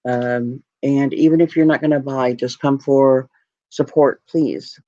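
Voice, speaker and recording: A woman's voice: very deep voice, fairly even intonation, measured pace, warm tone, dry recording. A woman hosting a live stream, chatting to her viewers in a heartfelt, rambling and grateful way, close to tears. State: tearing up. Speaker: jewelry live stream host. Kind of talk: casual live stream chat. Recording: dry, muffled lo-fi audio.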